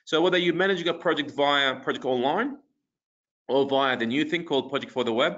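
A man presenting a webinar, walking through a software demo in a casual way, with lots of fillers and restarts. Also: medium pitch, a little fast. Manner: casual, many fillers and restarts while clicking through screens. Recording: dull lo-fi webinar audio.

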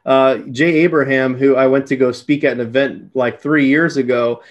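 A man's voice: medium pitch, steady tone, moderate pace, highs cut off. A man hosting a casual podcast conversation, a chatty storyteller who laughs easily. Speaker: podcast host.

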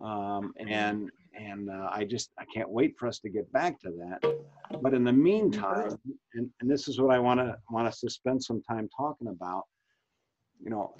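Speaking in a lowish, slightly mellow voice, a man in his fifties runs a Bible study discussion on a video call. He's conversational, poses questions and frequently starts his sentences over, over dull lo-fi audio.

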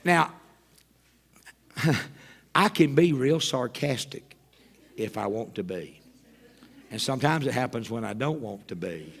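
Gravelly man preaching a story sermon. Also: mid-range voice, unhurried, pauses often. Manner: animated storyteller with wry self-mocking humor. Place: church sanctuary.

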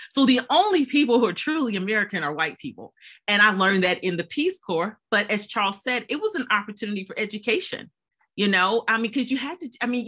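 Woman, panelist, bright clear voice, animated storytelling, video call. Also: mid-range voice. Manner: animated storytelling, laughs while telling. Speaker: panelist, former volunteer. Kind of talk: panel discussion recollection.

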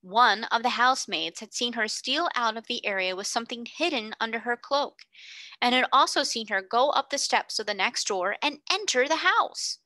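A woman narrating a classic novel aloud in a clear, steady storytelling manner. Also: on the high side, normal speed, no room sound. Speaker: reader. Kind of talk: audiobook narration.

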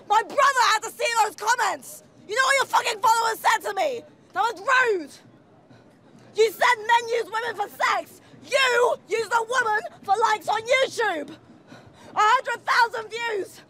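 A woman shouting furiously and swearing in a tearful street confrontation in a public park. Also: very high-pitched, normal speed. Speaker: debate participant. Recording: crowd noise outdoors.

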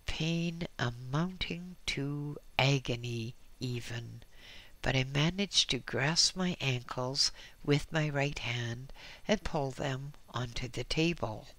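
Memoir narrator, slow, bright tone, wry asides, audiobook reading. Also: medium pitch. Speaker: audiobook reader. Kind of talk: first-person memoir narration.

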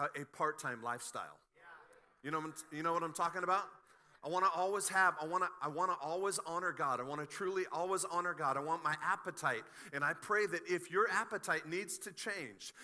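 Middle-aged male pastor, very bright voice, lively sermon with humorous asides. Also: a little high. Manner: animated, joking asides, frequent restarts. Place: church sanctuary.

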